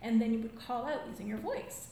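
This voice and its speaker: A high-voiced woman tells stories to a live audience in an animated way, often breaking into laughter. Her voice rings through a very echoey room with a faint hum of ambience behind it. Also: brisk. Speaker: storyteller and drum circle leader. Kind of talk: storytelling talk to a live audience.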